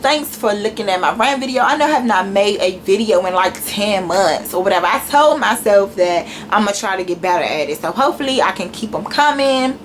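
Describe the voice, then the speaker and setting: A woman's voice: medium pitch, animated, a little fast, hardly any pauses, a little hiss or hum. A woman vlogger delivering a blunt, heated, heavily profane rant to her viewers.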